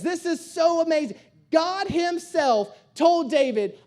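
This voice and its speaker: A young man pastor preaching a sermon, telling a family story in an animated way and repeating key phrases for emphasis. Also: very high-pitched, measured pace. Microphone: streamed sermon.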